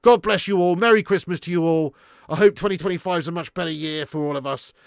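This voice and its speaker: A man hosting a live stream, signing off with rapid viewer shout-outs, sweary and exasperated. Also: fairly high pitch, dry recording, clean studio sound. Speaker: host. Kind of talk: live stream sign-off chat.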